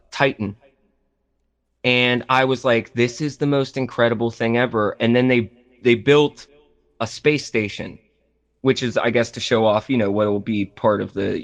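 A man chatting casually on a gaming podcast, rambling with lots of fillers and restarts. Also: mid-range voice. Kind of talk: casual podcast chat about games. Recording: slightly dull lo-fi audio.

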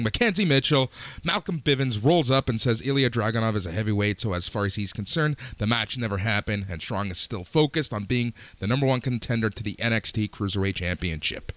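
A man hosting a podcast, briskly recapping wrestling segments and adding casual opinions. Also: mid-range voice, a bit bright, dry recording. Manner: brisk recap, plain-spoken. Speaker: podcast host.

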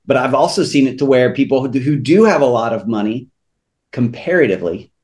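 A man's voice: mid-range voice, fairly quick. A man, a returning guest on a podcast, talking earnestly and telling stories about faith and money, often restarting his sentences. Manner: earnest, animated storyteller with frequent restarts. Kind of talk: faith-based podcast conversation.

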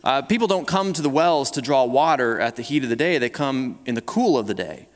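A man's voice: medium pitch, lively intonation, a little fast. A man preaching a sermon as pastor, talking conversationally with frequent restarts and repeated words. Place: church sanctuary. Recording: long hall reverb.

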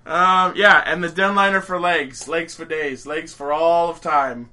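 A man hosting a podcast in casual chat, excitable and swearing often. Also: fairly high pitch, measured pace, slight background noise. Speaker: podcast host.

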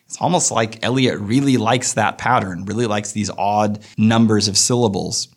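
A man teaching a poetry lesson, explaining verse and slowing down to read lines aloud thoughtfully. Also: lowish voice. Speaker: literature teacher.

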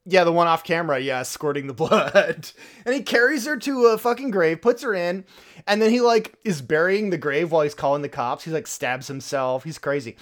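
Dude on a podcast, super animated, keeps doing the characters' lines and cussing a bunch. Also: male voice, fairly high pitch, moderate pace. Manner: animated storyteller, acts out characters' lines, swears freely. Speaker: podcast co-host. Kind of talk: casual film review chat.

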